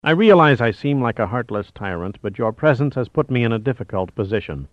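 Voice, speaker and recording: A man voicing a terse, stony male commander who speaks quietly. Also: medium pitch, animated, fairly quick, no echo, highs cut off, natural voice. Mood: steady.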